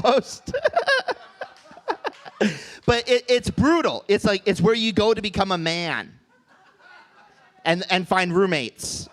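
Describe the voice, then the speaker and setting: Stand-up, man in his 30s, high voice, deadpan and halting, from the Midwest, on a club stage mic. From Midwest United States. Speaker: stand-up comedian. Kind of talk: stand-up set.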